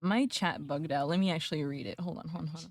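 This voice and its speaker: A woman's voice: low-pitched, fast talker, no echo, clean studio sound. A woman streamer chatting casually with her viewers, laughing often and mocking herself. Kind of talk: casual livestream chat.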